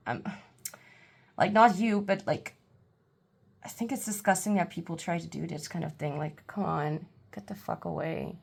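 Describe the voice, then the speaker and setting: A woman giving a casual pick-a-card tarot reading at home, halting and full of fillers, with blunt irritated outbursts. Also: fairly low pitch, gravelly, husky. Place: home, seated.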